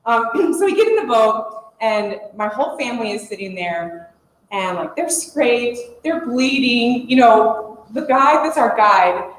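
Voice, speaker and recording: A woman in her forties telling a lively story to a conference audience, laughing as she goes. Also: fairly high pitch, a little slow. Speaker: conference speaker. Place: conference room. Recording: echoey conference room, faint hum.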